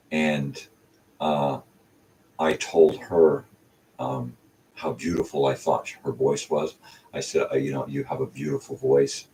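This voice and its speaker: Very deep-voiced older man rambling. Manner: rambling, many ums and restarts. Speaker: channel host. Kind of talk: casual storytelling. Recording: distant mic with faint hiss.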